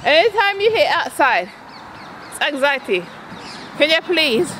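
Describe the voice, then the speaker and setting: A woman's voice: high-pitched, big pitch swings, measured pace, sharp tone, a little hiss or hum. Mum coaching tennis for her vlog, bouncy up-and-down voice, chatty, keeps calling shots. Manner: calls out shots, chatty and coaxing. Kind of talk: casual vlog while coaching. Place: outdoor tennis court.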